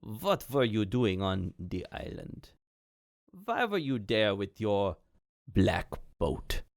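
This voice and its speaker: A man's voice: fairly low pitch, big pitch swings, slow, vocal fry, exaggerated voice. A man voicing a watchful, suspicious male researcher in a tabletop game, asking curt, probing questions.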